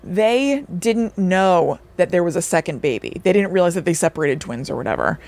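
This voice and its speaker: A woman's voice: fairly low pitch, normal speed. Chatty woman recapping a plot. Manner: animated plot recap with acted-out quotes. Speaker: podcast co-host. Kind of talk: casual chat.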